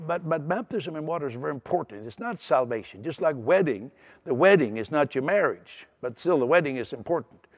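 A man preaching a sermon in an earnest way, often restarting and repeating words. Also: on the high side.

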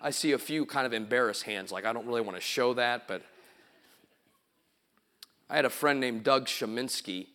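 This pastor, a middle-aged man, has a medium-pitched, bright, forceful voice and speaks at a normal speed with long pauses. Standing in the church sanctuary, he delivers a storytelling sermon, performing sounds and quotes before building to emphatic preaching.

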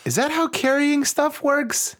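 A man's voice: very high-pitched, a little slow, fairly bright tone. A young man playing in a tabletop game, chatting and joking with enthusiasm. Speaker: player. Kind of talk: casual chat at a tabletop game.

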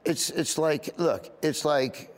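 A middle-aged man with a Southern US accent, a comedian telling stories in a casual interview, rambling and animated. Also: on the high side, slow. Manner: rambling, animated, acts out other voices. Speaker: comedian guest.

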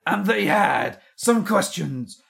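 A man's voice: sits high, lively intonation, takes it slowly, gravelly, a bit bright. A man co-hosting a podcast in casual, cheeky chat, teasing and joking playfully. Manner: playful, cheeky, breaks into silly songs. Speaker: podcast co-host.

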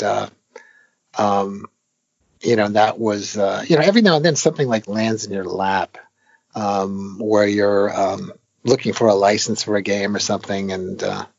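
In this dry, lo-fi recording, a man with a fairly low voice and vocal fry speaks as a guest in an interview about his work designing arcade games. His talk is casual, long, and rambling, full of fillers and restarts, and he livens up when recounting stories.

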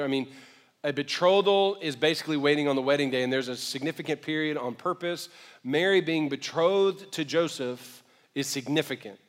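A man preaching as a pastor in a church sanctuary, his fairly high voice trailing a long echo. He talks in a loose, joking way, swinging between soft asides and loud bursts of emphasis. He slows down when he reads scripture aloud. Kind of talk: sermon. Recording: long reverb of a large hall.

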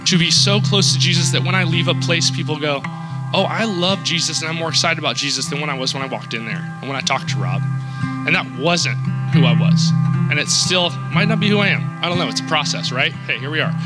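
A man giving his personal testimony at church, emotional and close to tears, talking haltingly with many fillers. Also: on the high side, low-quality recording. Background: loud guitar music.

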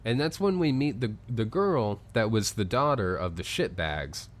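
A man's voice: lowish voice, very animated, normal speed. A man co-hosting a casual chat, recapping a story in a jokey, rambling way. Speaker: podcast co-host.

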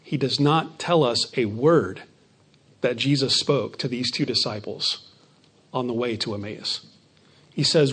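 A man preaching a sermon, stressing key phrases by slowing down and dropping to a quieter voice. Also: medium pitch, slightly rough. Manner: emphatic preaching, slows on key phrases and drops softer. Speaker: pastor.

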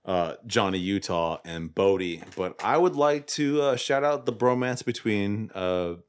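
A man co-hosting a casual movie podcast, swearing a lot and getting excited as he recaps scenes. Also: on the low side, unhurried, clean tone. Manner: profane, excitable, quotes scenes in raised voices. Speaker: podcast co-host.

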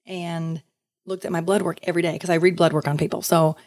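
A woman guest in a casual interview, telling her story in a lively way, acting out other voices and laughing often. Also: fairly low pitch, a little fast, no room sound, clean studio sound.

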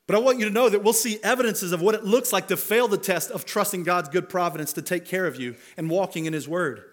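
A man's voice: high-pitched, fast talker. A man preaching a sermon as pastor, talking conversationally and building to emphatic rhetorical questions. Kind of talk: expository sermon.

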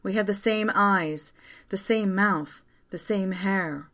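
A woman narrating a first-person story aloud in a quiet, steady way. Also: mid-range voice, slow.

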